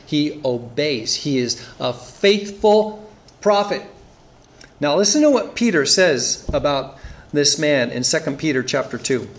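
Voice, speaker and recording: Man, pastor, sermon, earnest expository preaching, fairly high pitch. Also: expressive, measured pace, a little hiss or hum. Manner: earnest expository preaching, reads scripture aloud.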